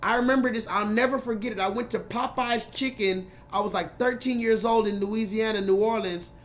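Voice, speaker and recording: A man's voice: sits high, steady tone, brisk, slight background noise. A man hosting a casual livestream, talking emphatically to his chat, repeating himself and swearing freely. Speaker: livestream host.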